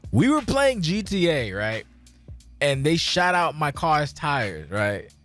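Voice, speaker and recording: A man's voice: a little high, slow pace. Tipsy male podcast host, rambling and profane, medium voice, faint music under him. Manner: rambling, profane, animated storytelling. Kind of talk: casual chat.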